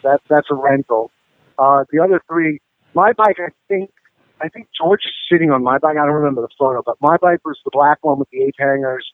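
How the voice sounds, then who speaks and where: Speaking briskly in a slightly high voice, a man who plays rock music rambles through profane, filler-laden stories as an interview guest. The dry recording has the tinny sound of a phone line.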